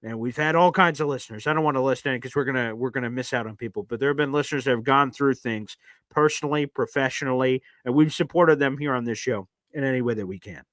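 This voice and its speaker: Male sports-fan host, thirties, animated and chatty, bright forceful tone, dry close mic. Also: medium pitch, fast, no room sound. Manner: animated, chatty, shifts between hype and heartfelt. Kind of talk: live-stream fan show chat.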